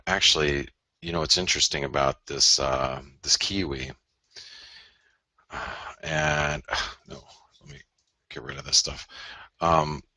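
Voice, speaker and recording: A man with a very low voice talks through live market charts, chatty and loose, and he keeps addressing his viewers. His tone is forceful and bright. The recording is dry and close, with no room sound. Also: dry recording. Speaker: forex webinar host. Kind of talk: casual live market analysis.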